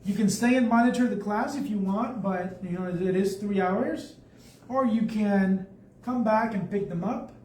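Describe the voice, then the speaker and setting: A man's voice: sits high, a little slow, darkish tone. A man leading a live painting tutorial, chatty and thinking aloud as he paints. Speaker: art instructor. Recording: echoey room, mic at a distance, faint background noise.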